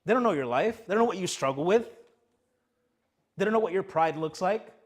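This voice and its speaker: Emphatic young pastor preaching, higher voice. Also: male voice, lively intonation, a little fast. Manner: emphatic preaching with repeated rhetorical questions. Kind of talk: sermon. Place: church sanctuary.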